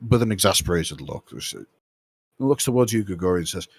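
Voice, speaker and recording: A man with a low, husky voice narrates a tabletop game as game master. His pitch moves a lot, and he often restarts his phrases. The recording is dry and close. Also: expressive, no room sound. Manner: halting, with many fillers and restarts.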